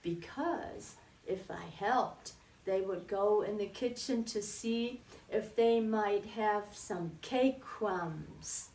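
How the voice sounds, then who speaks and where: A woman's voice: medium pitch, takes it slowly, a little mellow. A woman telling a fond childhood story in a chatty, reminiscing way, recorded in a roomy space from a distance. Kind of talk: personal storytelling.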